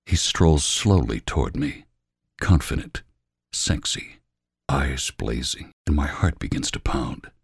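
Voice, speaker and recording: Slow, very deep gravelly male narrator. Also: expressive, dry recording, studio quality. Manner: slow, hushed, often whispering. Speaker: audiobook reader. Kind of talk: scripted narration.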